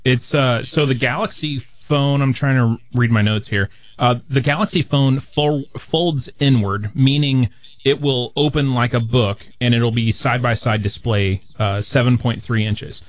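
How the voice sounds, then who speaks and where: A man on a radio talk show explaining new phones from his notes in a casual, halting way. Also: mid-range voice, dry recording, lo-fi sound. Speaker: tech guest on radio show.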